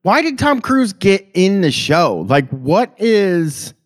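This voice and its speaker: A man's voice: high voice, sing-song, slow pace. A man co-hosting a podcast in casual chat, swearing freely and stammering as he riffs. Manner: profane, stammering, riffing. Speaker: podcast co-host.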